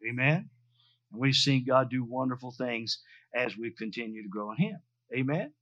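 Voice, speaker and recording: A man's voice: medium pitch, moderate pace, a bit bright. An older man preaching a sermon, telling a story full of hallelujahs and amens. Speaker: pastor. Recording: dry, dull lo-fi sound.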